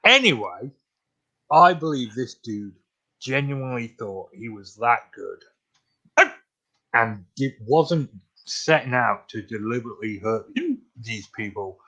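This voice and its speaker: A man's voice: medium pitch, lively intonation, slow pace, long pauses, sharp tone. A man co-hosting a podcast, arguing his point while bothered by hiccups. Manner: argumentative, pushing back. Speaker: podcast co-host. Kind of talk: casual chat.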